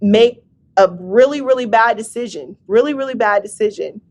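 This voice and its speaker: A woman's voice: fairly high pitch, moderate pace, darkish tone. A young woman telling an emotional personal testimony as a guest, often filling with "like". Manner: emotional, many fillers like "like".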